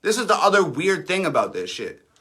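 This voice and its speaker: A man's voice: high-pitched, big pitch swings, fairly quick, sharp tone, slightly rough. A man in his thirties, an independent rapper, ranting defiantly and sarcastically on a livestream, swearing often. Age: 30s. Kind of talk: livestream rant.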